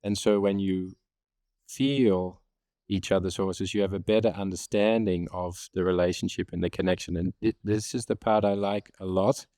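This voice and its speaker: A man's voice: low voice, fairly even intonation, moderate pace, mellow, dry recording, studio quality. A man with an Australian accent, a horse trainer chatting casually in an easygoing way. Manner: easygoing, laughs often. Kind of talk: casual conversation.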